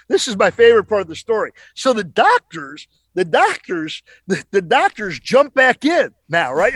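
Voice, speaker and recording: A man's voice: sits high, fairly bright tone, slightly rough, no room sound. A middle-aged male preacher telling a dramatic testimony on a talk show, emphatic and repeating phrases for effect.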